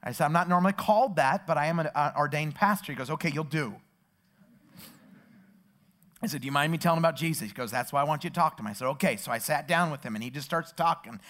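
A man's voice: on the high side, rapid-fire, hardly any pauses. A man, a pastor, preaching a sermon with stories and rising emphatic passages. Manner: storytelling, building to loud emphatic preaching.

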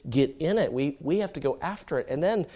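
A man's voice: on the high side, expressive, fairly quick, dark tone. A man preaching a sermon in a conversational, storytelling way, with many fillers and restarts.

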